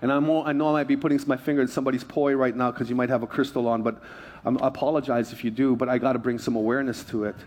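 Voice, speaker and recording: A man's voice: mid-range voice, steady tone, rapid-fire, a little mellow. A male pastor preaching a sermon in a church, telling stories in a conversational, joking way. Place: church sanctuary.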